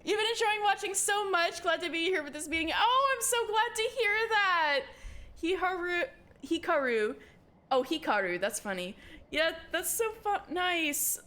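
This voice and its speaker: A woman streaming a video game live, reading its text aloud in a giggly, excitable way. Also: very high voice, moderate pace.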